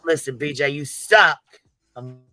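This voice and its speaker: A man hosting a commentary livestream, loud and profane, laughing often as he trash-talks. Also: fairly high pitch, a little slow, dry recording, faint music behind. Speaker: livestream host.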